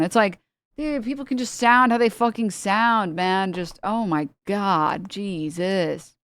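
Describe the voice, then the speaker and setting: A woman's voice: mid-range voice, animated, a little slow, clean tone, no room sound. Exasperated young woman streamer, dry close mic. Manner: exasperated, rambling, sarcastic. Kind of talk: casual stream chat.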